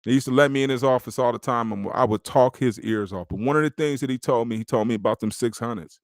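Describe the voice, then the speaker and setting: A man's voice: medium pitch, fast, dry recording, studio quality. A man hosting a podcast, giving a casual, streetwise motivational talk about faith. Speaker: podcast host.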